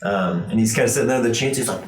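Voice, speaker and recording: A man's voice: fairly low pitch, fast. A man narrating as game master in a loose, chatty way with plenty of fillers. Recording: echoey room.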